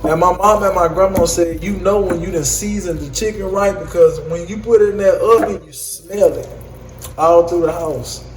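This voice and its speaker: A man with a high voice and fairly even intonation talks at a normal speed to viewers while he cooks, joking and apologizing a lot. This home cook vlogger is chatty and calls his audience "y'all." The room is echoey, with music playing behind him.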